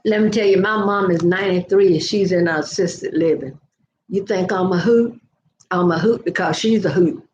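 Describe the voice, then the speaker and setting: A woman's voice: lowish voice, normal speed, a little mellow, a little hiss or hum. Chatty older woman, roomy dull sound. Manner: chatty storyteller, laughs often. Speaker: vlogger. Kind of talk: casual live chat.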